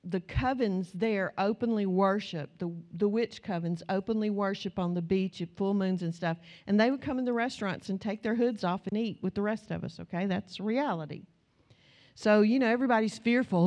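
A woman's voice: mid-range voice, moderate pace, a little mellow. A middle-aged American woman preaching a sermon, telling stories in a conversational way and building to emphatic, repeated declarations. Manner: storytelling, conversational, rising to emphatic repetition.

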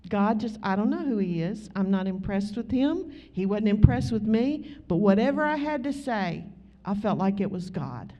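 A woman with a Southern US accent, preaching a sermon in a folksy, conversational way with drawn-out emphasis. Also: medium pitch, animated, mellow. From Southern United States. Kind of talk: sermon with storytelling. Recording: slightly muffled recording.

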